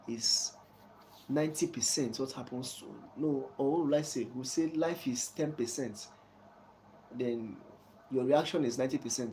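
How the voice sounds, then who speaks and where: A man giving casual, preachy life advice to a viewer, often asking "you understand?" and chuckling softly. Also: mid-range voice, slight background noise, rough recording. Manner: soft chuckles between points.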